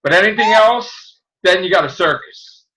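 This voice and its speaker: A man hosting a casual podcast chat, ranting with shouted mock outrage. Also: high voice, normal speed, low-quality recording. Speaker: podcast host.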